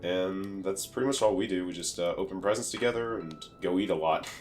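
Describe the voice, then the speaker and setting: A young man from the United States chats loosely on a podcast, his voice sitting a little low. He rambles with plenty of fillers and laughs at his own stories, while faint guitar music plays underneath. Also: a little fast, a little mellow. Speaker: podcast co-host. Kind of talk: casual podcast chat.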